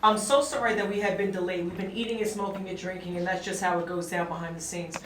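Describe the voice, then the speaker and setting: A woman's voice: fairly low pitch, flat delivery, fast talker, a bit bright, a little hiss or hum. A woman hosting an interview, speaking in a heartfelt, rambling way. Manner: heartfelt, rambling, says "whereas" often. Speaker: host. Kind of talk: casual interview chat. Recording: echoey room, mic at a distance.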